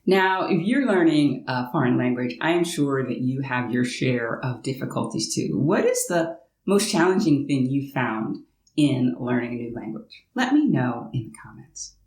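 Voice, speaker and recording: This American woman vlogs about language learning from her home in France, chatting casually to camera, explaining things and adding playful asides. Her pitch is extremely low, her intonation lively and her pace moderate, with a slightly mellow quality, an echoey room and rough recording.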